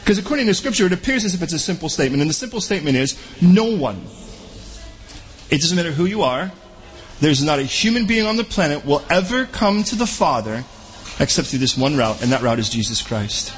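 Male pastor, high lively voice, conversational sermon with rhetorical questions. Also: brisk.

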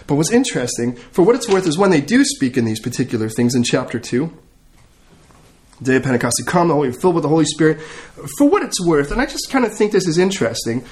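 During a sermon, a man with a rather high voice talks quickly and animatedly. He weaves humor into his stories and acts out the scenes as they unfold.

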